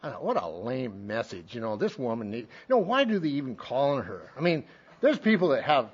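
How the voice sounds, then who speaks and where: A man's voice: mid-range voice, big pitch swings, fairly quick, husky. A man from Montana giving a speaker share at a recovery meeting, telling his story in a folksy way and acting out what others said. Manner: folksy storytelling, acts out quotes. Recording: dull lo-fi meeting tape.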